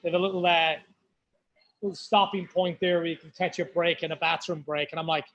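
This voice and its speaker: In a pub, a County Mayo man leads a live whiskey tasting, talking casually with the group and wandering into storytelling asides in his Irish Mayo accent. His voice is fairly high and a bit bright, with little pitch movement and a brisk pace, and the recording has its highs cut off.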